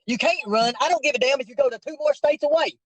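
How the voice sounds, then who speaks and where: A man's voice: very high-pitched, quick pace, a bit bright, slight background noise, rough recording. A man in a heated confrontation, insistent and preachy, repeating his questions over and over.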